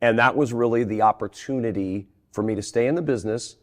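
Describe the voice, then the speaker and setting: Middle-aged male sportscaster, interview guest; animated storyteller, stumbling restarts. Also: mid-range voice, fast. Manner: animated, laughs through anecdotes, frequent restarts.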